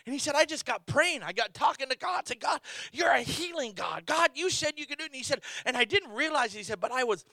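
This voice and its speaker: Missionary guy preaching, really high voice, super bright and tense, stories told with lots of restarts. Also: animated, fast talker, hardly any pauses, dry recording. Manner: storytelling with restarts and exclamations. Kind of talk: Pentecostal-style sermon.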